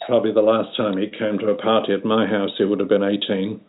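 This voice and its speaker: A man's voice: on the low side, level tone, quick pace. An older man from Liverpool with a light Liverpool accent, talking unhurriedly as an interview guest, with many fillers and restarts. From Liverpool, England. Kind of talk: casual interview reminiscence. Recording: tinny phone line.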